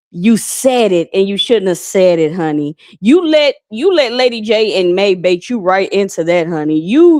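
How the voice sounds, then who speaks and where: A woman hosting a casual live stream, rambling and chatty, calling people honey. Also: mid-range voice.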